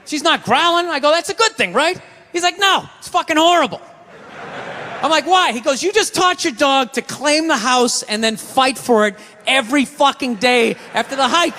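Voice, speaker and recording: High-pitched ranting stand-up comedian, man. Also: moderate pace, slight background noise. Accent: Boston. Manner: loud ranting storytelling. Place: comedy stage in a large venue. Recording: live stage recording with hall reverb.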